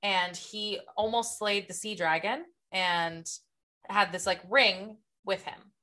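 A young woman with a bright, forceful voice talks through a fantasy book with her friend on a podcast. She keeps it casual and chatty, slipping into characters' lines as she retells the scenes. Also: medium pitch, slow pace. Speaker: podcast co-host.

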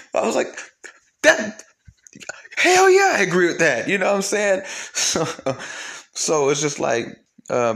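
A man's voice: medium pitch, fairly bright tone. A young man talking in a heated, casual monologue, swearing and repeating himself, his voice climbing when he gets worked up.

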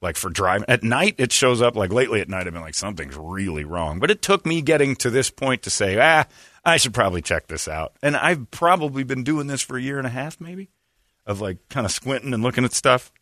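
A man's voice: medium pitch, big pitch swings, a little fast, sharp tone, no room sound, studio quality. A man hosting a casual morning radio show, telling rambling, self-deprecating stories and mimicking the people in them.

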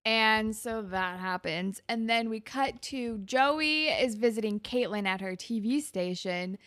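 A woman's voice: a little high, measured pace, fairly bright tone, no room sound, studio quality. A young woman casually recapping a TV episode with a co-host, chatty and sarcastic, full of "like". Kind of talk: casual chat.

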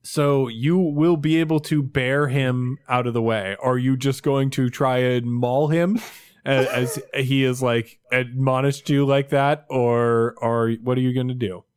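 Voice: mid-range voice, fairly even intonation, a little slow, darkish tone, clean tone. A game master narrating a tabletop game in a casual, laughing way. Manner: casual, laughing, many fillers.

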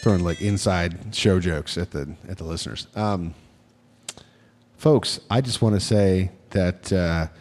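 A man's voice: low voice, measured pace, soft background music. An American man co-hosting a podcast, joking around in casual banter with bursts of mock outrage. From United States. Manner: jokey, loud outbursts, mock indignation. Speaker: podcast co-host.

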